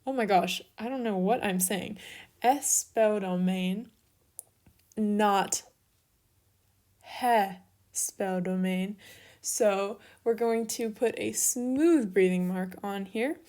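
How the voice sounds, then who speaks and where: A woman's voice: mid-range voice, slow, hardly any pauses, darkish tone. A young woman teaching an online lesson, working through steps methodically and talking herself through small mix-ups.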